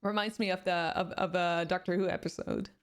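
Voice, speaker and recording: A woman's voice: lowish voice, fairly even intonation, a little fast, smooth. Swedish woman chatting with stream viewers. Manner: reads viewer comments aloud and answers them chattily. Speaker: game streamer. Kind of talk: casual chat with live viewers.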